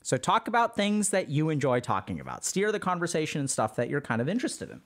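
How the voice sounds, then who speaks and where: Guy w a pretty high voice teaching his stream chat, super casual, says like a lot. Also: wildly swooping pitch, quick pace, a bit bright. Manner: loose and conversational, heavy use of "like". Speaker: streamer teaching social skills. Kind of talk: casual spoken lecture to a live chat.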